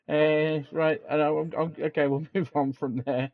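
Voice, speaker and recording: A man's voice: fairly high pitch, fairly even intonation, takes it slowly, gravelly. A man co-hosting a casual podcast, chatty and rambling, laughing often. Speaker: podcast co-host. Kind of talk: casual chat. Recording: dull lo-fi sound.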